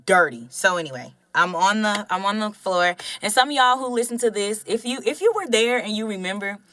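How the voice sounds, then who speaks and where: A young adult woman from Georgia, telling a story in casual podcast chat, animated and candid. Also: medium pitch, fairly quick. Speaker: podcast co-host.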